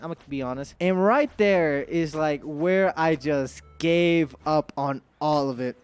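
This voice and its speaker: A young man tells a crude story to his chat in a rambling way, stumbling over his words and restarting. His pitch swings widely from low mutters to high outbursts. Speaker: streamer telling a story. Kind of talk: storytime vlog.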